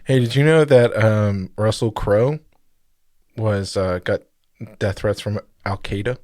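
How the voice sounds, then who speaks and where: A man's voice: fairly low pitch, a little slow, darkish tone, dry recording, studio quality. A man co-hosting a podcast, telling a story in a rambling, joking way and often correcting himself. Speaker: podcast co-host. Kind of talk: casual podcast chat.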